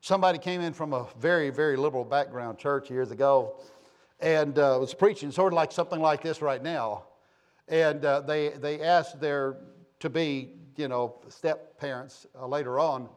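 A man preaching a sermon, impassioned, swinging between soft asides and loud calls to the congregation. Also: on the high side, animated, moderate pace. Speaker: pastor.

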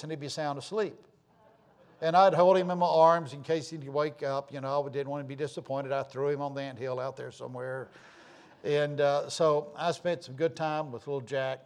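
A man with a slightly high voice speaks at a moderate pace. He's a pastor delivering informal announcements and folksy stories in church, rambling with lots of fillers and restarts.

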